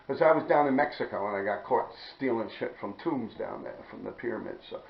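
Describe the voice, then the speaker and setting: Gravelly New man, profane and rambling. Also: mid-range voice, fairly quick. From New York City. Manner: profane, streetwise slang, keeps clearing his throat. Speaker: vlogger telling a personal story. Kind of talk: rambling personal storytelling. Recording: dull, echoey room recording.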